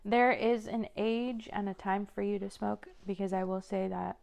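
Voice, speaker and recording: A woman's voice: medium pitch, fairly even intonation, normal speed, gravelly, darkish tone. A young woman co-hosting a podcast, chatting casually in a frank, blunt way. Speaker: podcast co-host. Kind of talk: casual chat.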